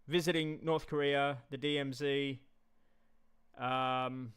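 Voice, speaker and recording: A man's voice: medium pitch, steady tone, slow, fairly bright tone, smooth. A man rambling casually on a live stream, repeating himself and talking straight to his chat.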